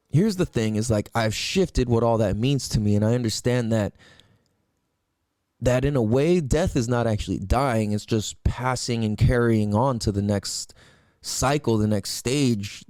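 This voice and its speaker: A man's voice: medium pitch, dry recording, clean studio sound. A man hosting a solo podcast, ranting in a profane, rambling way with lots of emphatic rhetorical questions. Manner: profane, animated, rambling rant. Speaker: podcast host.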